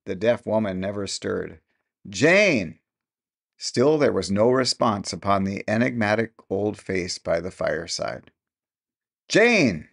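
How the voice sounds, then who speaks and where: A male narrator reads a classic short story in a measured, unhurried storytelling manner. His voice sits low and has a gravelly, fry-touched texture. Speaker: audiobook narrator. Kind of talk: scripted narration.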